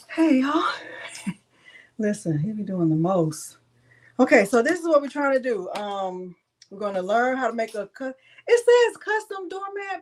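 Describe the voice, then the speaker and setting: A woman hosting a live crafting tutorial, chatting casually and teasing with frequent laughter. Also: on the high side. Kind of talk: casual live-stream chat.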